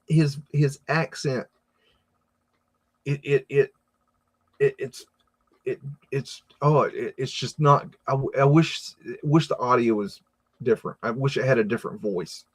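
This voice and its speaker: Halting American man chatting live. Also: medium pitch. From United States. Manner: rambling, halting, many repeated words and fillers. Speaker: livestream host reading chat. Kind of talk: casual live chat.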